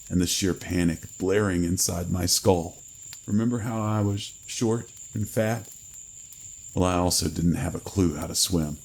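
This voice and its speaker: Man, horror story narrator, very deep voice, gravelly and husky, grave and measured. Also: a little mellow, low-quality recording.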